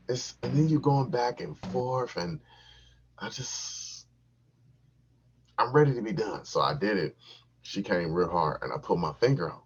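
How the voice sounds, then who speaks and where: A man hosting a podcast, telling a crude, profane comic story in an animated, repetitive way with a husky voice on a dull, lo-fi recording. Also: fairly low pitch, background noise. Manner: animated, crude, repeats himself for laughs.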